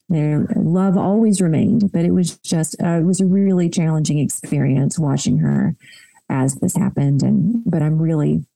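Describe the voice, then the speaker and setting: Woman in her thirties, low gravelly voice, very dark tone, dry close sound, heartfelt storytelling. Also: no room sound, rough recording. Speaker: podcast guest.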